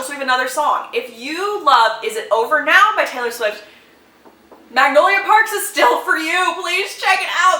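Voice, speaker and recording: A young woman chatting casually and excitedly about books to her followers, quick to laugh and half-sing song lyrics. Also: sits high, echoey room. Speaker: book content creator. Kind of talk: casual chatty book recommendations.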